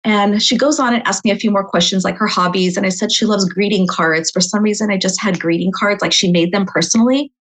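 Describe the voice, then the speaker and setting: A middle-aged woman, a guest on an interview show, telling a personal story in a lively, chatty way with frequent asides to the listener. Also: mid-range voice, fairly quick, hardly any pauses, low-quality recording. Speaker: psychic medium guest.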